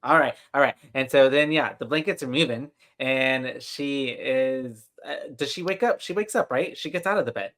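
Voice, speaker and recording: A man's voice: mid-range voice, moderate pace, hardly any pauses, fairly bright tone. A man co-hosting a podcast over a video call, recapping a horror movie in rambling casual chat with lots of fillers and restarts. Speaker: podcast co-host.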